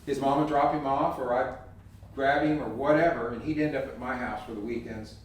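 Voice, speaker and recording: A man with a drawl spins a folksy, animated story for a room, dropping into the voices of the people he quotes. He sounds set back from the mic, and the hall around him rings with a long echo. A faint hum sits underneath. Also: medium pitch, a little fast. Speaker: speaker giving a talk. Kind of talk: storytelling talk with slides. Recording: echoey hall, heard from a distance.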